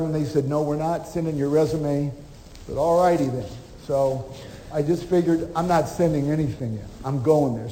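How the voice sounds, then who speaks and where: A man speaks on stage as a motivational speaker, telling a story and acting out each part of the dialogue. His voice sits a bit high for a man but sounds mellow and relaxed. The sound rings with the long reverb of a large hall over a faint hiss. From Omaha, Nebraska. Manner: animated storyteller, acts out dialogue. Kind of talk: storytelling keynote talk.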